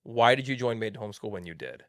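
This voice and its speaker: A man's voice: on the low side, very animated, quick pace, a bit bright, no room sound, studio quality. A man in his late thirties hosting a podcast, interviewing a guest in a playful, enthusiastic way. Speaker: podcast host.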